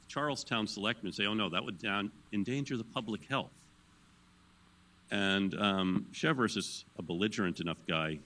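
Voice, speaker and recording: A man in middle age lectures on history to an audience, taking questions. His voice sits fairly low yet rings bright and forward. He tells anecdotes with animated energy, pushing pitch and volume up as the story builds. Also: low-quality recording. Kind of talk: public lecture answering questions.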